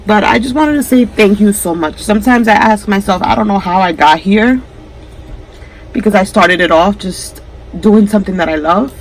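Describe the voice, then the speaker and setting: Talking to camera on her crafting channel, a woman speaks in a heartfelt, emotional way, close to tears. Her voice is medium-pitched at a normal speed. The recording is low quality, with a little hiss or hum.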